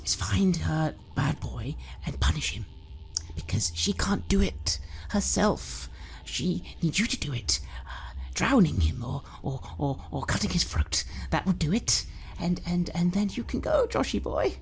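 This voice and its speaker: A sinister, tipsy mother from a horror tabletop game, as a woman game master puts her on. Her voice runs high and breathy over a gravelly base, wheedling and stammering, slipping into whispers. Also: very animated, a little slow, exaggerated voice. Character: tipsy, doting, sinister middle-aged mother.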